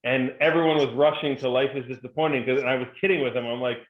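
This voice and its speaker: A man's voice: mid-range voice, fairly even intonation, quick pace. Man on a tinny, roomy video call. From New Jersey. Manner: joking storyteller, upbeat and chatty. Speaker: guest speaker. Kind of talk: conversational interview.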